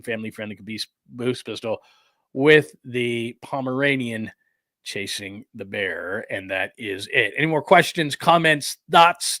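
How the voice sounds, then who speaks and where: A man's voice: mid-range voice, bright, forceful tone, no echo, studio quality. A man hosting a sports podcast in a casual, chatty, rambling way. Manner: chatty, rambling, laughs easily.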